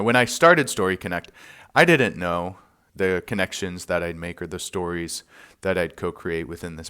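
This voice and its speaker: A man hosting a podcast, telling a personal story in an earnest, soft-spoken way with small laughs and pauses. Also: deep voice, clear, resonant tone.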